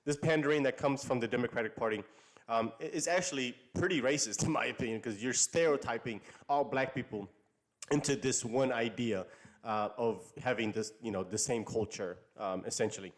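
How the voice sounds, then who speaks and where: A man's voice: mid-range voice, a little fast. A male channel host talks through his opinions in a casual commentary style. He is emphatic and tends to repeat phrases as he builds an argument.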